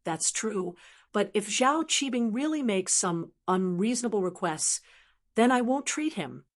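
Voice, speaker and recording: A woman's voice: medium pitch, animated, measured pace, lightly acted. Woman narrator doing a stubborn young star girl, wary and proud.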